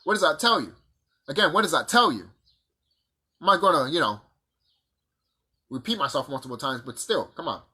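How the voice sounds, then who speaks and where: A man delivering a profane, combative monologue full of rhetorical questions, with a husky voice. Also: on the high side, big pitch swings, normal speed, pauses often, bright, forceful tone. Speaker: vlogger. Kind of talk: ranting monologue to camera.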